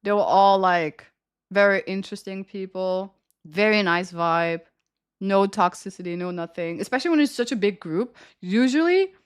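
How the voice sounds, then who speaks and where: A woman's voice: mid-range voice, normal speed, smooth. A young woman streamer telling a story in casual chat, rambling and laughing often. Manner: rambling, chatty, with frequent laughter and "like" fillers.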